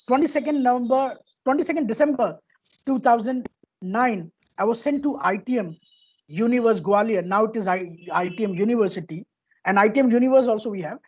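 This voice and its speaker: In dull-sounding audio, a man with an Indian accent gives an earnest motivational talk built around a personal story, often repeating himself. He speaks briskly in a very high-pitched, slightly rough voice.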